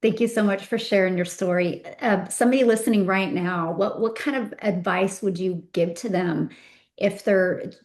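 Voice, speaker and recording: Woman interviewer asking halting questions. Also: medium pitch, a little mellow.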